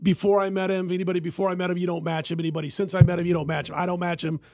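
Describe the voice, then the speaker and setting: A high-pitched man telling a lively story on a sports-betting podcast, laughing as he goes. The sound is dry and close, with no echo. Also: racing. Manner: animated storyteller who laughs often. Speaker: podcast host and sports handicapper.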